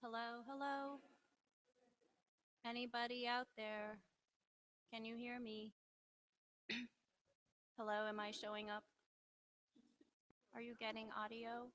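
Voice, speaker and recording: A woman with a slightly high voice runs a loose microphone check. She keeps repeating test phrases and asking if anyone can hear her, over a faint background hiss. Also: little pitch movement, slow, pauses often, fairly bright tone, poor audio. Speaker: event organizer doing a sound check. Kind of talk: casual mic check.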